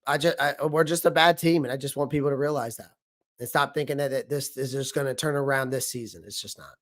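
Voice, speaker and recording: A man hosting a fan livestream about his football team, hoarse from losing his voice, talking bluntly and repeating his points. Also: mid-range voice, quick pace, a bit bright. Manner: blunt, emphatic, repeats himself. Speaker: sports fan show host. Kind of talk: livestream sports rant.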